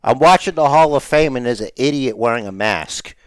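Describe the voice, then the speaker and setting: A man's voice: mid-range voice, brisk, clean tone, dry recording. A man co-hosting a casual wrestling podcast, joking and teasing his co-host. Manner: jokey, teasing, animated.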